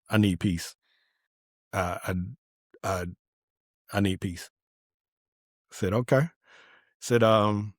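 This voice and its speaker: A man speaks in a fairly low voice, telling a personal testimony with earnest feeling. He acts out the lines of the people in his story. The recording is dry and close. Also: no echo. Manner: earnest storytelling, acting out quoted dialogue. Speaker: podcast guest. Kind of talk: personal testimony in casual conversation.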